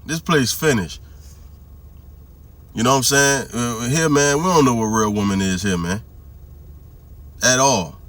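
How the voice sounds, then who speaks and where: A man with a bright, edgy voice talks to camera in a loose, slang-filled preaching style. He keeps asking whether you hear him, and he drops into a slow, deliberate pace when he reads scripture aloud. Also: medium pitch. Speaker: religious commentary vlogger. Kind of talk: casual preaching commentary.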